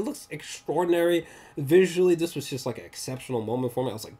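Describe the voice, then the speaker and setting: A man giving a casual, rambling movie review, excitable and slangy, often laughing. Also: on the high side, quick pace, slightly rough.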